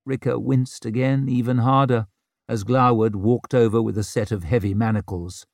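A man narrating an audiobook in an expressive, wry storytelling manner. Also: mid-range voice, moderate pace, gravelly, no room sound, studio quality. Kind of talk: scripted narration.

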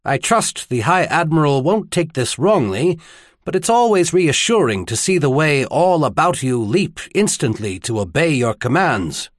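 A man's voice: on the high side, big pitch swings, unhurried, dry recording, studio quality. A male narrator voicing a small, elegant naval flag captain who teases his admiral politely. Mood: teasing. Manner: politely teasing, smooth.

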